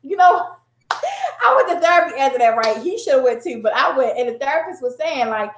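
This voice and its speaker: High-voiced woman telling a story in a roomy space. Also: brisk, background noise. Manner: animated, conversational, breaks into laughter. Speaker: guest sharing a personal story. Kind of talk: candid storytelling to an audience. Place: room before a live audience. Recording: roomy, echoey room.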